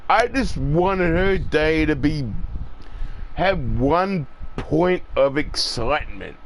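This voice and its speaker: A man's voice: a little high, fairly bright tone, slight background noise, low-quality recording. A man in his forties talking in a casual, rambling and profane monologue, with lots of "it's like".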